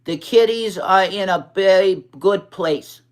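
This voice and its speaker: A drag performer in their forties with a New York accent rambles on a casual livestream. Their speech has a slight impediment, slips now and then into a childlike lilt, and stays slow and unhurried. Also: medium pitch. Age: 40s. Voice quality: mild speech impediment, sometimes childlike, baby-girl-like voice. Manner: rambling, profane, candid livestream chatter.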